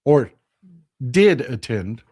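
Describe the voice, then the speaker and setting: A Texan man hosts a casual live stream, reading out viewer comments. His voice sits at an ordinary middle pitch. He talks with passion, rising into loud outrage and then dropping to quiet, hushed replies. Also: very animated, slow pace, husky.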